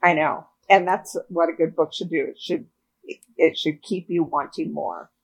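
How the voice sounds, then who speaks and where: A woman's voice: low voice, fairly even intonation, moderate pace, slightly rough, poor audio. A woman co-hosting a podcast, chatting earnestly about a book and often restarting her sentences. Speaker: podcast co-host. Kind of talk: casual book club chat.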